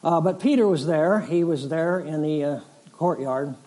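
A middle-aged male pastor preaching a sermon, rising to loud emphatic swells and dropping to soft, solemn lines. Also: fairly high pitch. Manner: slow, dramatic preaching that swells and drops.

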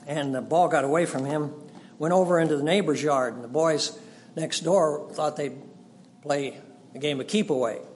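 A man preaching a sermon and telling stories, acting out the voices of people in them and swinging from hushed to loud. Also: fairly high pitch, in a large hall. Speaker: pastor. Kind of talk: sermon with storytelling. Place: church sanctuary.

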